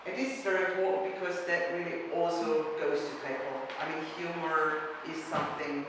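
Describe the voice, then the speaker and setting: A woman's voice: sits low, fairly even intonation, a little fast. Woman, presenter, hesitant and searching for words, distant mic, roomy echo, background noise. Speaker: presenter at a workshop. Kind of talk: conference presentation and Q&A. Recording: echoey hall from far off with noise.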